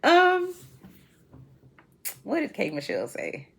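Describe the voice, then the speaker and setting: A woman in her forties hosting a reality TV commentary chat, sassy and animated, laughing often as she talks. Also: high voice, slow, gravelly. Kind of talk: casual chat.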